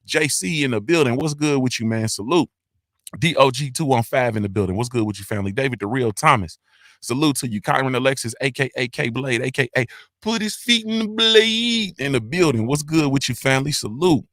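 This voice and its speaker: A male host doing casual livestream shout-outs in a loud, hyped, sing-song roll call full of slang. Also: medium pitch, lively intonation, fairly quick, dry recording, clean studio sound.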